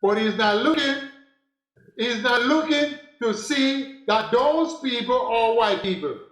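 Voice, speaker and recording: A man with a very high voice delivers a spiritual talk at an unhurried, deliberate pace. He preaches and repeats his phrases for emphasis. The recording sounds roomy and echoey. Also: expressive, a bit bright. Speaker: spiritual teacher. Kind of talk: preaching monologue.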